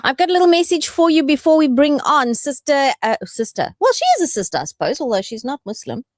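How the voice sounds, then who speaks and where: A woman's voice: high-pitched, big pitch swings, fast talker, dry recording. A woman hosting a radio show in the studio, playful and affectionate in casual chat. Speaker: radio host.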